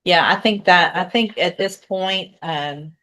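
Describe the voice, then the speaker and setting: A woman judge running a court hearing in a brisk, procedural way. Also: lowish voice, a bit bright. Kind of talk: presiding over a court hearing.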